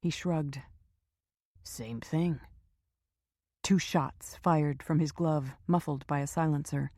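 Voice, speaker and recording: A woman narrating a crime thriller audiobook in a measured, steady reading on a close mic. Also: low voice, no room sound. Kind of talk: scripted narration.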